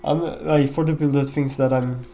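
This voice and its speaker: A man's voice: medium pitch, little pitch movement, a little fast, mellow, highs cut off. Rambling man doing casual game commentary. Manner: rambling, with many fillers and restarts. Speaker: gameplay commentator.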